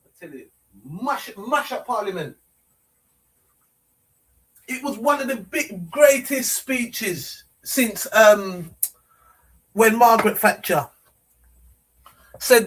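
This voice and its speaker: High-voiced rambling man. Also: animated, slow, long pauses, fairly bright tone, slightly rough. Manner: rambling, many restarts and repeated phrases. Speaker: livestream host. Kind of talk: casual livestream talk.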